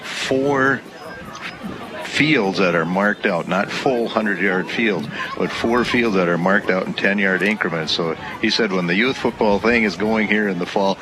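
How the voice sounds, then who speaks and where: A man with a very low voice giving color commentary from a press box at a small-town game. He explains the blocking calmly and unhurriedly, with small stumbles. The open-air noise of the field carries behind him. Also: a little slow. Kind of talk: local radio football color commentary. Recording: outdoor broadcast with field noise.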